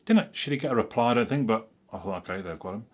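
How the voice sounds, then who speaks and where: A man with a fairly low voice recounts his experience to camera in a loose, chatty way. He rambles, and he restarts or corrects himself as he goes. It sounds like an unscripted tech vlog. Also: animated, very fast. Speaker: tech reviewer. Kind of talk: casual storytelling to camera.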